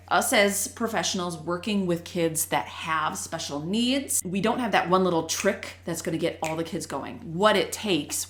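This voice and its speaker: Brief: lively, jokey woman host, fairly low voice, echoey room. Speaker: show host and reading teacher. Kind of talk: casual talk to parents.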